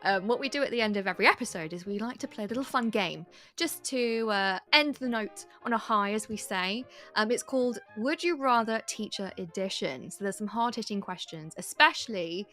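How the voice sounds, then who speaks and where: A woman's voice: medium pitch, fairly quick, hardly any pauses, sharp tone. A woman hosting a podcast, teasing and giggling through a quiz game with her guest. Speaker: podcast host. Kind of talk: casual interview chat.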